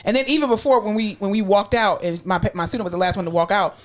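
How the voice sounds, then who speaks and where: Speaking quickly in a steady, mid-range voice, this podcast co-host chats easily about something that happened at work. She drops the occasional swear word and performs the voices of anyone she quotes.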